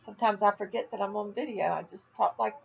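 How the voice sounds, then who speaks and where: A woman's voice: mid-range voice, fast, creaky, dull audio, slight background noise. An older woman from Florida chatting casually on a home video vlog, rambling and laughing at her own jokes. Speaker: vlogger. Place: at home, indoors.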